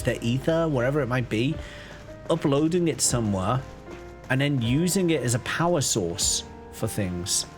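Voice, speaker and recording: Man with a softened Liverpool accent. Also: on the high side. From Liverpool, England. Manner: thinks aloud, with restarts and hesitations. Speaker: streamer. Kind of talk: casual live-stream commentary. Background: faint game music.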